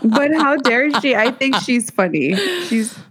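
A woman's voice: a little high, lively intonation, a little slow, fairly bright tone. Giggly young woman telling stories. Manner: giggly storytelling, heavy use of "like". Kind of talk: casual chat.

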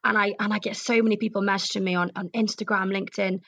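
A young Welsh actress being interviewed, talking earnestly and openly, repeating herself for emphasis. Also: female voice, medium pitch, flat delivery, quick pace, gravelly, fairly bright tone, no echo. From Wales. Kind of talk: candid interview.

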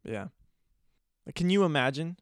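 A young man hosting a podcast, telling a rambling, deadpan, playfully disgusted story in a casual comic monologue. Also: fairly high pitch, normal speed, no echo, studio quality. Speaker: podcast host.

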